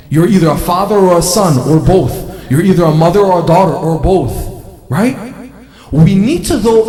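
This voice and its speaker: Guy giving a sermon, high animated voice, echoey big hall, kinda far from the mic. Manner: rhetorical questions, repetition for emphasis. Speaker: religious speaker.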